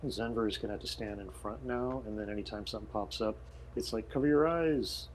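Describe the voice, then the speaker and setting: Low-voiced joking player man. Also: steady tone, quick pace, a little hiss or hum. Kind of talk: casual game chat.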